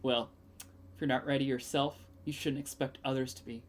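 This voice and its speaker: A woman voicing a cool, brooding male prosecutor with a low, slow, sardonic delivery, reading game dialogue aloud. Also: fairly even intonation, background noise. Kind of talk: game dialogue read-along.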